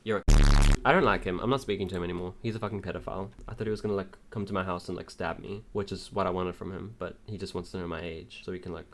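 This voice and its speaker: A man's voice: low-pitched, steady tone, rapid-fire, background noise. A young man giving casual reaction commentary, dramatic and exclaiming, swearing freely. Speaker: video creator.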